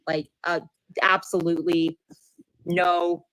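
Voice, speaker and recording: Woman, low-pitched, rambling conversational storyteller for a radio talk panel. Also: normal speed, a bit bright, poor audio. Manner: rambling storyteller, heavy on filler "like". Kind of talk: casual chat.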